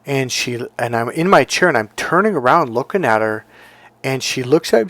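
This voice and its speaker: At a moderate pace and with no room sound, a man who coaches relationships and practices hypnotherapy recounts a personal story to motivate listeners. When quoting dialogue, he acts it out with animated, high pitch lifts.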